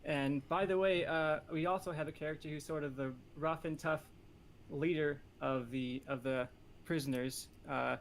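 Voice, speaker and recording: A man talks through a movie pitch on a casual comedy podcast, rambling and joking with plenty of fillers. His voice sits a little high. A faint hiss runs under the recording. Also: fairly even intonation, moderate pace.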